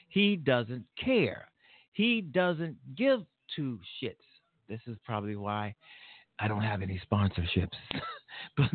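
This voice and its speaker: A man's voice: medium pitch, no echo, narrow, tinny audio. Profane, rambling male talk show host. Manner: blunt and profane, with frequent fillers and restarts. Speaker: host of his own political talk show. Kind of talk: casual political commentary monologue.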